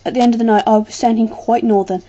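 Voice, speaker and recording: A chatty British woman talks straight to her webcam, wandering through her thoughts with frequent ums. Her voice sits a bit high but sounds soft and mellow. The recording is dull and lo-fi. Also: steady tone, quick pace. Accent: British English. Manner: rambling, chatty, lots of ums. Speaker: vlogger. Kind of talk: casual chat to camera.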